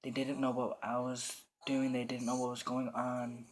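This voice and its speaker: Flat-voiced teenage boy telling his story. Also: mid-range voice, normal speed, slight background noise. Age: teens. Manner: quiet, somber, plainly spoken. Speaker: storyteller recounting coming out. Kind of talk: personal first-person story.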